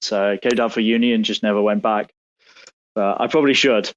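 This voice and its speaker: A man speaking as a guest in a casual online audio chat, relaxed and easygoing. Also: fairly low pitch, a little fast. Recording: dull lo-fi online call audio.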